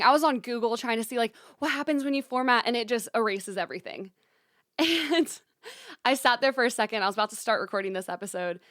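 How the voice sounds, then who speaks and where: A woman's voice: on the high side, fairly bright tone, no room sound, clean studio sound. A young woman in her twenties hosting a solo podcast, bubbly and upbeat, talking straight to her listeners and often saying "y'all" and "you guys.". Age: young adult; 20s. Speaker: podcast host. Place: small recording studio.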